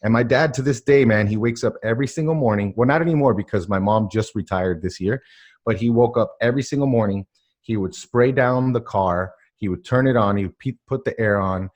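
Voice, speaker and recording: Podcast guest, male, low voice, animated and emphatic storyteller, lots of "like" and "you know". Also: fairly quick. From Miami area, US. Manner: animated, emphatic, many filler words. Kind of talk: casual personal storytelling.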